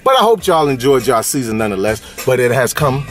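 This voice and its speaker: A man's voice: medium pitch, big pitch swings, fast talker, fairly bright tone, faint music behind. A man from California hosting a casual toy-hunting vlog, with playful slang-filled banter and a sing-song delivery. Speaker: toy collecting vlogger.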